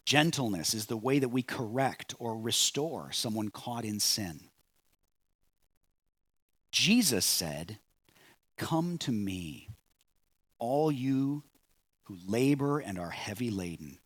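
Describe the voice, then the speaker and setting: Male pastor preaching, slow and deliberate, voice rides up and down a lot. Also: fairly low pitch, expressive, husky, no room sound. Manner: measured preaching, swells on key phrases and drops soft at line ends. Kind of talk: sermon.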